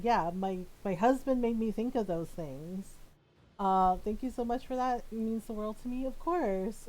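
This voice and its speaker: A woman's voice: mid-range voice, fairly even intonation, moderate pace, warm tone, rough recording. A woman streamer chatting casually and affectionately while playing a game, laughing often.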